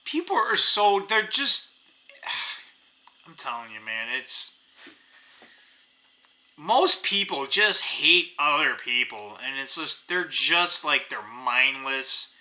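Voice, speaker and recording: A man's voice: a little high, sing-song, slow, pauses often, pushed and bright, rough recording. A middle-aged man hosting his own channel, talking in a rambling, profane, casual rant full of fillers. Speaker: channel host.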